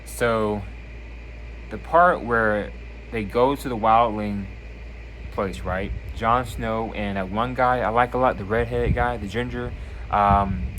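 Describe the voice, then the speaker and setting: A man casually reviewing a TV season on his channel, retelling scenes with lively energy and acting out lines. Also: lowish voice, slow pace, slight background noise. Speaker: video reviewer.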